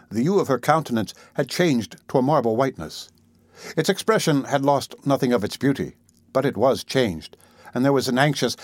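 A man narrating a classic novel as an audiobook, in a measured, even manner. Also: mid-range voice, no echo.

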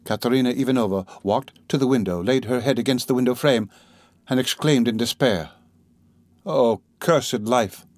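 Male narrator, classic novel reading, measured and steady, mid pitch, dry close recording. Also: dry recording. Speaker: audiobook narrator. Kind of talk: scripted literary narration.

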